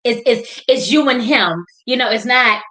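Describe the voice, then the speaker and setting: Host: a woman with a fairly high voice, encouraging, faith-based chat. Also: moderate pace, a bit bright.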